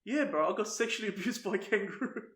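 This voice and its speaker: A young Australian man with a high-pitched voice tells a crude, laughing story full of swearing. He talks as a podcast co-host in casual chat. His voice bounces around an echoey room. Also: fast talker, fairly bright tone, a little hiss or hum.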